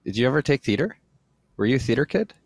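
A podcast host with a creaky, mid-range voice chats casually at a quick pace, joking with guests and sounding a bit tired after a workout. He's relaxed and jokey, calling his listeners freaks. The studio-quality audio has no room sound.

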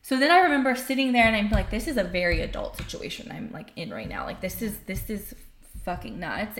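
A woman candidly telling a painful personal story, animated and emotional, acting out what others said. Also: fairly low pitch. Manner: emotional, animated, acts out quoted voices. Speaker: podcast guest telling her story. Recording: roomy echo.

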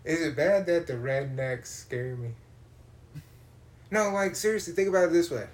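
A man spins a profane, comic story. He is animated and acts out the people he runs into. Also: a little high, normal speed. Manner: animated, swears a lot, acts out voices.

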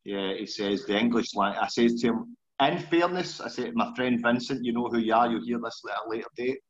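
A man's voice: mid-range voice, a little fast, muffled recording. A Scottish man in his forties hosting a podcast interview in a chatty, self-deprecating way. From Scotland. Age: 40s. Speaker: podcast host. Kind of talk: casual interview chat.

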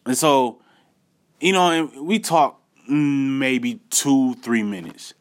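A man telling a personal story in a casual, animated way, speaking straight to his viewers with slangy asides. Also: medium pitch, takes it slowly. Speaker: vlogger.

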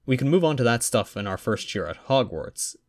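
A man's voice: medium pitch, very animated, a little fast, lightly acted. A man voicing a young boy wizard who answers with dry, patient reasoning.

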